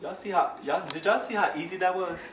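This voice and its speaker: A young dad rattles through an excited unboxing for his vlog, his voice sitting high and fairly bright, fast and playful as he speaks straight to viewers. Recorded on a distant phone camera, it has roomy sound, faint ambience, and slight background noise.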